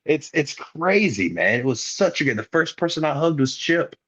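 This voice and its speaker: Here the young wrestler's voice is fairly high and husky, at a moderate pace, with the highs missing. He's a podcast guest, animatedly telling casual stories in slang and performing what people said.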